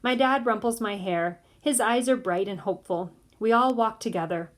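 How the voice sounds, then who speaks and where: A woman narrating an audiobook in the first person of a boy, in a measured way. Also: medium pitch.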